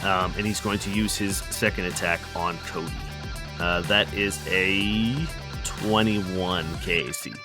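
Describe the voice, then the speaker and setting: A man narrating a tabletop game as game master, quick and lively, laughing now and then. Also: deep voice, music in the background.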